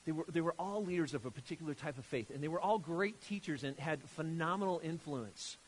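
A man preaching a sermon, emphatic and animated, often restarting his phrases. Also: on the high side, a little fast, a little hiss or hum. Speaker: pastor.

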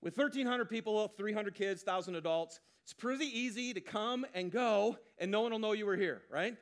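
High-voiced, lively pastor preaching. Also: male voice, normal speed. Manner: animated, joking, asks the crowd questions. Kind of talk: sermon.

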